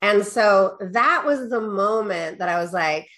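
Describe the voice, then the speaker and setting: A middle-aged woman speaks as a guest business coach in a relaxed interview. She sounds candid and animated and leans on little check-ins with the listener. When she quotes herself, her voice lifts. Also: unhurried, hardly any pauses. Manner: animated storyteller, quotes herself with rising pitch; peppers talk with "right?" and "da, da, da". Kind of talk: casual storytelling interview.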